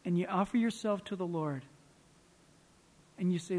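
A male pastor preaching a sermon in a lively storytelling manner, acting out the people he quotes. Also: sits high, moderate pace. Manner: animated storytelling, acts out quoted voices. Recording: long hall reverb.

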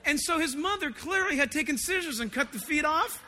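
A pastor preaching an expository sermon, reading scripture and breaking off into animated, conversational stories. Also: male voice, extremely high pitch, a little fast, slight background noise. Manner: conversational, animated storytelling asides. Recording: long reverb of a large hall.

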